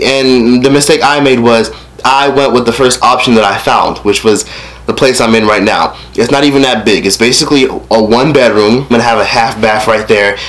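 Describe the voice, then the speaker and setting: A man in his late teens telling a story over a casual mukbang meal at home. He rants in a profane, animated way and eats between sentences. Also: on the low side. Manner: eating while talking. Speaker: vlogger. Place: his rented room at home.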